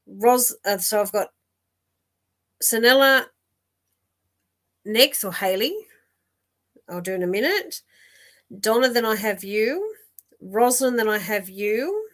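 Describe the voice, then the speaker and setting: A woman's voice: a little high, lively intonation, slow, long pauses. Chatty woman live-streaming. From Australia. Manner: chatty, warm-hearted, laughs often, many fillers and restarts. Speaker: psychic medium host of a live stream.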